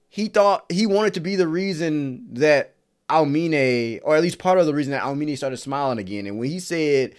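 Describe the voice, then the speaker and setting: A man hosting an anime reaction video, talking in casual, slangy commentary, exclaiming and laughing often. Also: on the high side.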